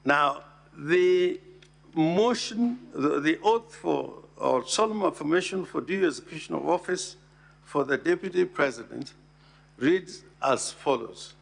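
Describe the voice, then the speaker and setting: A man with a fairly high voice gives a formal address to a Senate hearing. He speaks at an unhurried pace, weighing each phrase and leaning hard on the words he wants to stress. There is a gravelly, creaky edge under his voice. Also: lively intonation. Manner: slow, deliberate, emphatic, stresses key words.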